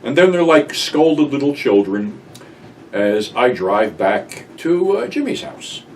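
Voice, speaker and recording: Brief: older New man, lively swearing storyteller, mic a bit distant, faint hiss. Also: mid-range voice, slow. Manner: profane, rambling, animated storytelling. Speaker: channel host recounting memories. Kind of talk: casual storytelling monologue.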